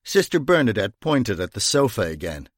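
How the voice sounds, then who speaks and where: A man reading a novel aloud in a measured, wry storytelling manner. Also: lowish voice, sing-song, no echo, clean studio sound. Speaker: audiobook narrator. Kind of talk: scripted narration.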